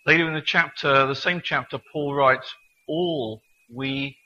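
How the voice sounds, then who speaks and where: A man preaching a sermon in an earnest manner, reading scripture slowly and deliberately. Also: mid-range voice, fairly even intonation, sharp tone, highs cut off.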